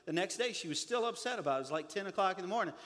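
A man in his forties preaching a sermon, telling stories with animated humor. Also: high-pitched, rapid-fire. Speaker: pastor. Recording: reverberant hall.

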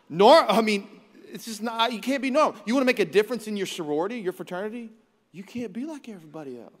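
A man in his thirties preaching a sermon to a church congregation, energetic and joking, now and then mimicking his children. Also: extremely high pitch. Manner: energetic, joking, acts out his kids' voices. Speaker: pastor. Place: large church auditorium. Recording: reverberant church hall.

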